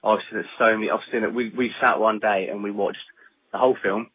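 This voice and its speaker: A man's voice: fairly even intonation, fast talker. A man co-hosting a podcast, chatting casually, rambling and laughing often, swearing now and then. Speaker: podcast co-host. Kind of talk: casual chat. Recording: phone-like low-fidelity audio.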